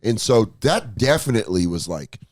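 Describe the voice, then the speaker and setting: A man guesting on a podcast in casual chat, telling animated stories, jumping into put-on voices and laughing through his lines. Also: moderate pace, no echo, clean studio sound. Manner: animated storyteller, jumps into high put-on voices for bits. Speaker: comedian guest.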